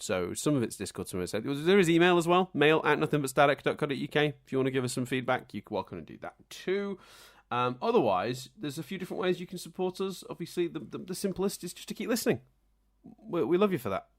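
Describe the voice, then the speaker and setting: A man hosting a casual podcast. He talks in a chatty, teasing way, and his voice rises and falls a lot as he goes. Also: mid-range voice. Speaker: podcast host.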